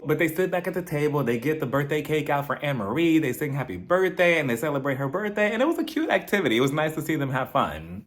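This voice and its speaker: A man recapping a reality TV episode with sarcastic, dramatic asides. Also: mid-range voice. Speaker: TV recap host.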